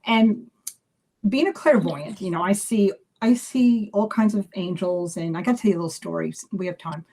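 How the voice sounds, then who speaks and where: A psychic medium chatting on a live video, telling animated stories with lots of restarts and fillers. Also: female voice, medium pitch, moderate pace. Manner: animated storyteller acting out dialogue. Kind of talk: casual live video chat.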